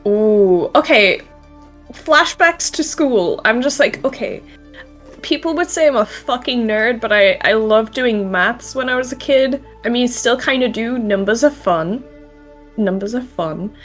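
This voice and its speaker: A woman's voice: a little high, a little slow, soft background music. A young woman chatting casually as an interview guest on a voice call, laughing often and swearing now and then. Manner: giggly, swearing, lively. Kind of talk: casual online chat.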